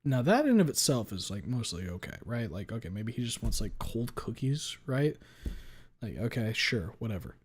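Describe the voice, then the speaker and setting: A man's voice: medium pitch, very animated, normal speed, a little hiss or hum. Chatty swearing male streamer. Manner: chatty, swears often, fills with "like". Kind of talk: casual live-stream chat with viewers.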